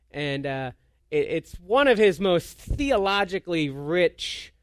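A man preaching a conversational sermon as a pastor. He tells self-deprecating stories in an animated way and often restarts his sentences. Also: high voice, clean tone, dry recording, studio quality. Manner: storytelling with frequent restarts.

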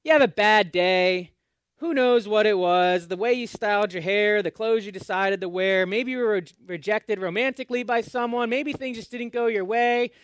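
A man preaching a sermon, often asking his congregation questions and swinging between loud and hushed. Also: sits high, normal speed, clean tone, no room sound, clean studio sound. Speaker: pastor.

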